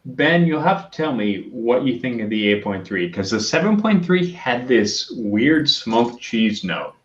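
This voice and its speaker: A man's voice: mid-range voice, sing-song, a little slow, a bit bright, echoey room, lo-fi sound. A man co-hosting a casual livestream, swearing freely and apologizing often while reading out chat. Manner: profane, apologetic, reads chat aloud. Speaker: co-host on a whiskey stream.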